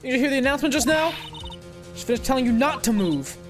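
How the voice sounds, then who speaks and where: A woman voicing a loud, bossy male police detective who barks orders, read from a game on stream. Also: high voice, lively intonation, fast talker, pitched above the performer's own voice. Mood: commanding. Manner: barking orders. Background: game music.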